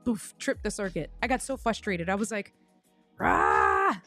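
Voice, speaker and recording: Soft background music plays behind a woman with a mid-range voice who is running a laid-back livestream. She recounts a tech mishap, calls out viewers by name, and keeps jumping back to restart her thoughts.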